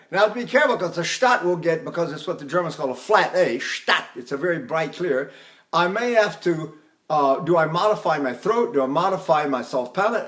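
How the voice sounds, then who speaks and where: An older man leads a singing lesson in a high, bright speaking voice. He explains technique and keeps breaking into sung syllables and short phrases to show what he means. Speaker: voice teacher. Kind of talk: vocal technique lecture with sung demonstrations.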